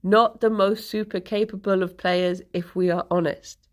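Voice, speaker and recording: A woman's voice: mid-range voice, fairly even intonation, moderate pace. A woman streamer casually telling a rambling story to her live chat, laughing often and correcting herself as she goes.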